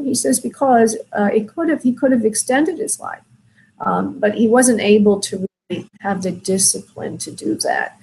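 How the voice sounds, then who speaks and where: A woman hosting a call-in show as a spirit medium, talking gently and soothingly to callers, with many fillers. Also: on the high side, moderate pace, gravelly, slight background noise, poor audio. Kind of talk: call-in reading, soft and consoling.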